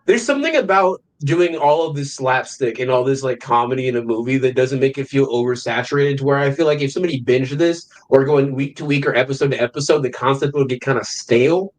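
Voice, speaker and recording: A young man co-hosting a film podcast, animated and profane, excitedly retelling scenes in casual chat. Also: mid-range voice, fast, hardly any pauses, low-quality recording. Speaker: podcast co-host.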